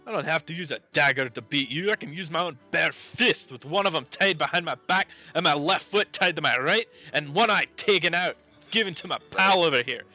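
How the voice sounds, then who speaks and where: A man's voice: a little high, animated, a little fast, sharp tone, faint music behind, pitched above the performer's own voice. A man voicing an angry, surly male dwarf brawler who blusters threats.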